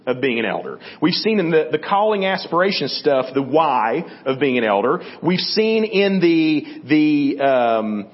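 A man's voice: a little high, very animated, unhurried, hardly any pauses, muffled recording. A man giving a conversational Bible teaching, often checking in with his listeners by asking "okay?" and "right?". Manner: conversational, with restarts and fillers. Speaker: church teacher.

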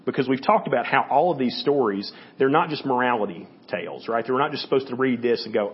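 A man preaching a sermon in a conversational way, often checking in with his listeners with quick asides. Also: medium pitch, slightly rough, lo-fi sound. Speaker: pastor.

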